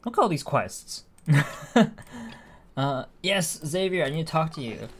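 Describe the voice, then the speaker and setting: A man's voice: on the high side, animated, a little slow, a little hiss or hum. A man streaming a video game, chatting casually and thinking aloud with frequent restarts and fillers. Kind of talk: casual live-stream chat while gaming.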